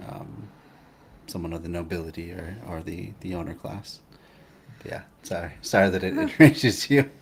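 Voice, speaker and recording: A man hosting a casual chat, talking in a relaxed, hesitant way with frequent restarts. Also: low voice. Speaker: host.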